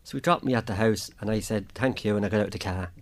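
An Irish man, a guest on a radio interview, gives a plain personal account, speaking fast in a fairly low voice. He acts out what others said to him.

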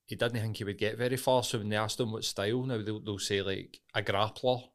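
A Scottish man with a Glasgow accent and a lowish voice, talking casually on a podcast. He swears freely and tells loose, rambling stories with plenty of banter. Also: steady tone, a little fast. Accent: Scottish, Glasgow area. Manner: swearing, banter-heavy storytelling. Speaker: podcast co-host. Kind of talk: casual chat.

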